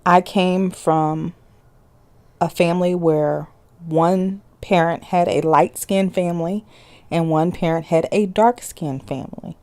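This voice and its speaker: A woman telling about her own family in a measured, reflective way. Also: on the low side, fairly even intonation, darkish tone. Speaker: interviewee. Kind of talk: personal storytelling.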